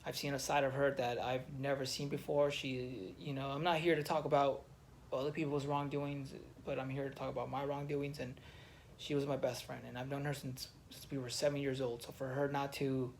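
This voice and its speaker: A man's voice: mid-range voice, flat delivery, fairly quick, slight background noise. A man who served in the army telling his own story in a raw, emotional monologue, swearing often and restarting his sentences. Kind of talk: candid personal monologue.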